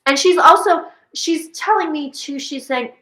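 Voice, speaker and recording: A woman hosting a casual psychic chat, telling stories quickly and acting out what people said. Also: high voice, echoey room, poor audio. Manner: animated storyteller who acts out quoted speech. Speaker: psychic medium and host.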